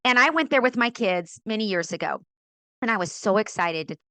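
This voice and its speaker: A middle-aged woman from California, a podcast guest and author, telling her faith story in an animated way, acting out quoted voices and laughing often. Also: mid-range voice, fairly quick, no echo. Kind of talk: animated testimony in a faith interview.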